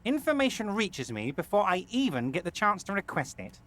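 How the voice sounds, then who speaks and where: An actor playing a smooth-talking, self-important male boss in a video game, falsely reassuring and pompous. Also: high voice, very animated, brisk, fairly bright tone. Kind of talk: video game character acting.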